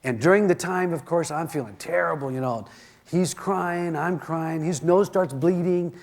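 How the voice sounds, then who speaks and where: Animated man telling a seminar story. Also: on the high side, normal speed, gravelly. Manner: animated, acts out the voices in his stories. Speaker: seminar speaker. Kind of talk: self-help seminar storytelling.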